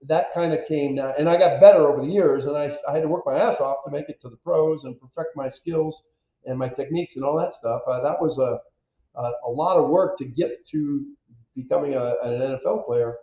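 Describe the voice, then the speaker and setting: 50s guy, animated storyteller, pokes fun at himself, echoey muffled audio. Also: on the high side, fairly quick. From United States. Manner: animated, self-deprecating, acts out quotes. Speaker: guest, former pro football player. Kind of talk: candid storytelling interview.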